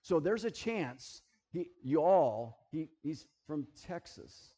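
A man preaching a sermon, animated and jokey, who keeps checking that his listeners are following. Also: on the high side, takes it slowly, breathy edge. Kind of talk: sermon with object lessons.

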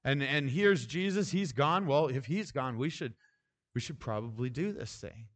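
A man's voice: medium pitch, animated, moderate pace, a bit bright. A man delivering a sermon in an easy, conversational manner. He talks informally, with casual asides and restarts, as if chatting with the congregation. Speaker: pastor.

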